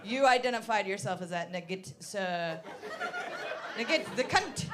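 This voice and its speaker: With a medium-pitched, animated voice and a measured pace, a woman does stand-up crowd work as MC of a live comedy show. She teases the audience brashly and swears without restraint. Laughter and chatter from the crowd come through loudly in the venue.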